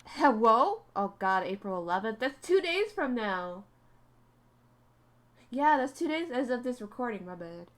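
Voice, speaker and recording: A woman's voice: on the high side, big pitch swings, a little slow, fairly bright tone. A woman streamer with a cold, chatting and joking casually as she plays through a game. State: has a cold.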